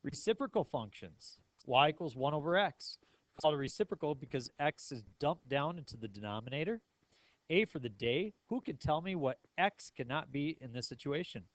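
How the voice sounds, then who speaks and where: A man's voice: on the high side, expressive, moderate pace. A male math teacher lecturing a class in a playful way, asking his students many questions.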